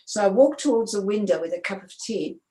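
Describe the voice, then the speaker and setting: A woman's voice: medium pitch, fairly quick. Woman telling stories in a roomy echo. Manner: animated anecdotal telling with repeated restarts. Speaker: interview guest, sports photographer. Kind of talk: storytelling in a conversational interview.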